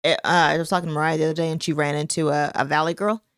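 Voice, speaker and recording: A woman's voice: deep voice, flat delivery, rapid-fire, clean tone, dry recording, clean studio sound. A middle-aged woman co-hosting a casual live podcast, chatty and opinionated. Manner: opinionated, chatty, laughing often. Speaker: podcast co-host.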